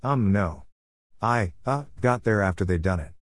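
A man's voice: fairly low pitch, lively intonation, measured pace, dry recording, studio quality. A man reading a story, voicing a shy, hesitant young boy.

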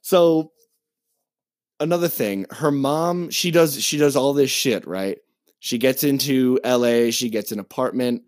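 A man co-hosting a podcast, ranting in a casual, profane and animated way as he retells a movie plot. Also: mid-range voice, unhurried, dry recording, clean studio sound. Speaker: podcast co-host. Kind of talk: casual chat.

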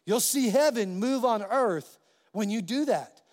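A pastor preaches from the pulpit in a high, bright, expressive voice, taking his time. He tells animated stories, acting out quoted voices, and a long reverb suggests a church sanctuary.

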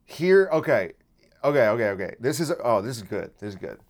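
A male comedian hosting a casual solo podcast, with a middle-pitched voice. He rambles, restarts his sentences and jumps between loud bursts and low asides. The talk is unscripted and loose. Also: very animated, brisk. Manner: rambling, restarts a lot, swings loud and soft.

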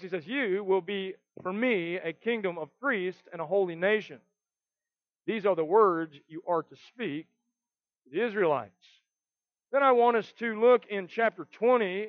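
A man's voice: high-pitched, no echo, narrow, tinny audio. A man preaching a sermon, reading scripture aloud and stressing key words earnestly. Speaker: pastor.

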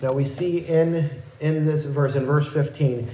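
A man's voice: on the high side, fairly even intonation, measured pace, warm tone. Man preaching in an echoey church. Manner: explanatory teaching with frequent self-corrections. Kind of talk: sermon. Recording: echoey room.

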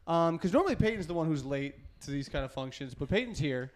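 A young man co-hosting a comedy podcast, easygoing and quick to laugh. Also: a little high, expressive. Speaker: podcast co-host.

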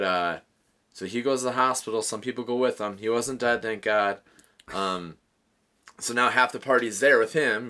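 Podcast host guy, bright punchy voice, swears a lot and laughs thru his story. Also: medium pitch. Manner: animated storyteller, swears freely, laughs through his stories. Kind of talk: casual storytelling chat.

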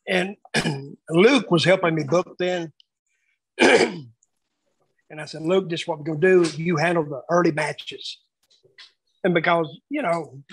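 A man reminiscing casually about his years booking shows, telling lively anecdotes and acting out the quotes. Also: a little high, slight background noise, poor audio. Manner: animated storyteller acting out quotes. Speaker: wrestling booker telling stories.

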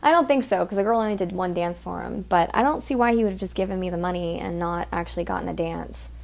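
A woman's voice: quick pace, vocal fry. A woman telling a story about her work as an exotic dancer in a casual monologue, swearing often and sounding fed up. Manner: profane, exasperated, swearing often; ranting with sudden pitch jumps.

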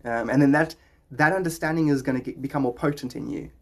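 A man's voice: medium pitch, quick pace. A man hosting a podcast, rambling in a jokey, philosophical way. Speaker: podcast host. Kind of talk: rambling casual talk.

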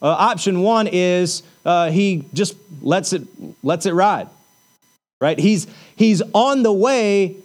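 A man's voice: high-pitched, slow. A man preaching a sermon in a conversational way, asking rhetorical questions and using casual fillers. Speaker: pastor.

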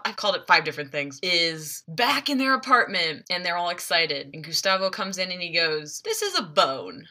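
A young woman talks through a TV episode in a loose, chatty recap. Her voice is very bright and a bit sharp, set slightly low. She tells it in an animated way and now and then jumps into quick quoted voices.

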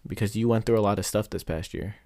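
Young man, relaxed co-host, low voice, dry close sound, laughs often. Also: fast talker, no echo. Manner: laid-back, laughs while talking, swears. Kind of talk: casual chat.

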